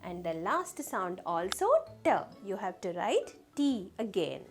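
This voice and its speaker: A woman teaching a children's phonics lesson, slowly sounding out letters and asking the class questions. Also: mid-range voice, big pitch swings, faint music behind.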